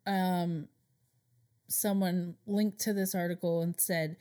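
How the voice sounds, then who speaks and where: A woman's voice: lowish voice, flat delivery, slow, warm tone. Play a woman relaying a story to her co-host, loose and conversational, with fillers. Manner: chatty storyteller, many fillers. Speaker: podcast co-host. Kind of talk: casual chat.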